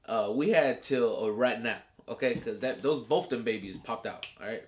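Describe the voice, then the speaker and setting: A man with a medium-pitched voice and moderate pace hosts a casual TV episode review. He talks in slang, swears plenty, and acts out how the characters react, serving as both reviewer and show host.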